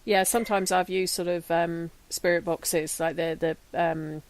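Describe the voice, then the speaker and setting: A woman's voice: on the low side, fairly even intonation, unhurried. A British woman hosting a casual interview in a friendly, conversational way with plenty of fillers. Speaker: host.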